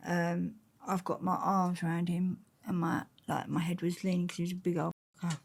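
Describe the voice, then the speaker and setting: Woman, low voice, gravelly, blunt slangy storyteller. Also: level tone, moderate pace. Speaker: interview guest. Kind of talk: storytelling in an interview.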